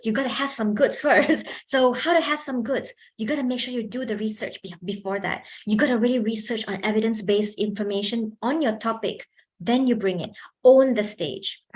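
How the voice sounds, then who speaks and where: A woman with a slightly high voice gives an animated workshop talk on public speaking, laughing often and putting questions to her audience through a handheld microphone.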